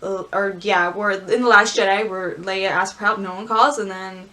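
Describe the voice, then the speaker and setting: A woman vlogger reading aloud and chatting casually, gushing and squealing with excitement. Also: medium pitch, moderate pace. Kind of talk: casual script-reading commentary.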